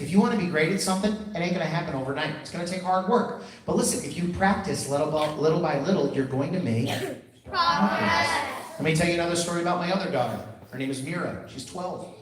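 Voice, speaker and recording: A man's voice: fairly high pitch, brisk. Man, playful assembly storyteller, speaking to schoolchildren, heard from afar, echoey hall. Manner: animated and playful, addresses kids casually as friends. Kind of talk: storytelling motivational talk to children. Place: school gym or auditorium with a crowd of kids. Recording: echoey hall from far off with crowd.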